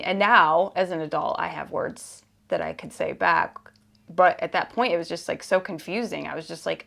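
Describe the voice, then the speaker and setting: Earnest woman podcast host, lowish voice. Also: normal speed, creaky, fairly bright tone. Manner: candid, earnest, conversational with frequent fillers and restarts; grows emphatic and exasperated in places. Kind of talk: personal podcast talk.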